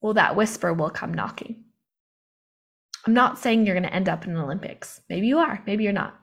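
A woman's voice: mid-range voice, moderate pace, breathy edge. A young woman in live online training mode, impassioned and confiding, talking into a video call mic and laughing often between points. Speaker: motivational coach.

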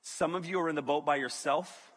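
A man gives an animated, joking sermon to students and talks straight to the crowd. His voice is bright and a bit high. The sound carries the long reverb of a large hall. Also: brisk. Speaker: youth pastor.

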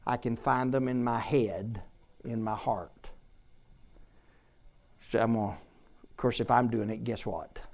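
Male preacher, mid-pitched, emphatic sermon delivery with loud and quiet swings. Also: measured pace, creaky, pauses often.

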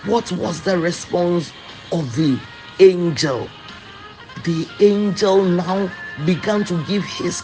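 A man preaching a sermon, slow and emphatic, repeating phrases for weight. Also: high voice, rough recording.

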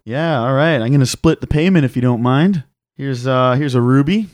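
A man's voice: mid-range voice, moderate pace, a little mellow, no echo. A man plays a tabletop game, brash and joking as he buys gear in character. His voice sits mid-range. The sound is dry and close. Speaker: player.

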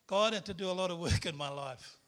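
Bright-voiced man preaching a testimony. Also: high-pitched, fairly quick. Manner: candid storytelling with self-deprecating laughs. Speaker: guest preacher. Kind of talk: personal testimony sermon.

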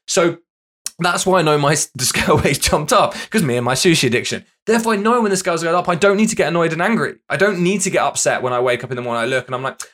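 A man hosting his own fitness podcast, talking quickly and with punch. His voice sits a touch high for a man, and he hammers his points with repeated questions. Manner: energetic, emphatic, repeats questions to drive points home. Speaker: fitness coach and podcast host. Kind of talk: solo podcast monologue.

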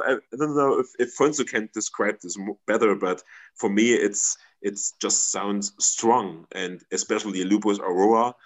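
Halting low-voiced man. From Germany. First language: German. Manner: halting, searching for English words. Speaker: guest, metal band member. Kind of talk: casual interview answers.

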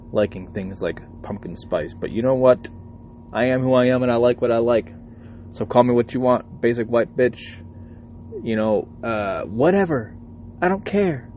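A man's voice: fairly low pitch, a little mellow, a little hiss or hum. A man, a truck driver, talking casually from his parked truck cab at a truck stop and ranting profanely with lots of energy. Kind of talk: casual vlog monologue.

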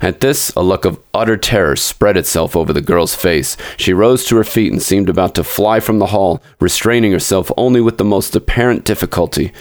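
A male storyteller narrates a classic tale with theatrical flair and now and then turns to speak to his audience. His voice sits low, and the recording is dry, with no room sound. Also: brisk, few pauses, no room sound. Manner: dramatic, addresses listeners directly. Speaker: podcast storyteller.

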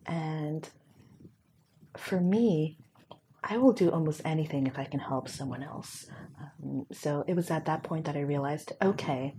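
A young woman tells a personal story in a soft, reflective way, pausing often and filling gaps with small hesitations. Her voice sits low and sounds warm and relaxed. A faint hiss runs underneath. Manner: soft-spoken, reflective, with many fillers. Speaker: guest.

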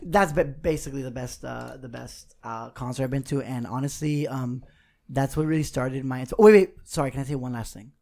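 A man's voice: medium pitch, a little fast, vocal fry, darkish tone. A man in his twenties in casual podcast banter, joking around and swearing a lot. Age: 20s. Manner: rowdy, profane, joking banter. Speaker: podcast co-host. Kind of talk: casual chat.

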